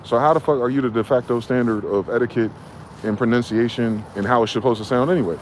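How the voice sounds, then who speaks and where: A man's voice: mid-range voice, slight background noise. A man from New Jersey delivering a heated, profane ranting monologue as a vlogger. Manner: profane, heated, fast-talking.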